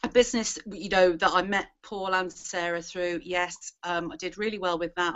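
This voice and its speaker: A woman's voice: fairly low pitch, fairly bright tone. A woman gives a chatty, self-deprecating testimonial in a casual online hangout. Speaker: guest marketer. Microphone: video call. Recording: dull lo-fi web call audio.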